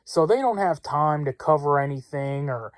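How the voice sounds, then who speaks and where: A man's voice: a little high, expressive, moderate pace, dry recording. Blunt, rambling political talk-show man. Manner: rambling, many fillers and restarts, blunt. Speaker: political commentary host. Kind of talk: casual opinion monologue.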